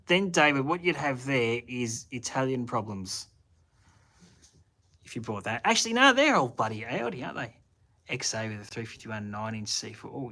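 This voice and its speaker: Casting note: broad Australian bloke, bright, forward tone, rambling and slangy, live chat from the shed. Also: male voice, mid-range voice. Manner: rambling, thinks aloud with restarts and Aussie slang. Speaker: channel host answering live chat. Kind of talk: casual livestream chat. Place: home shed at night.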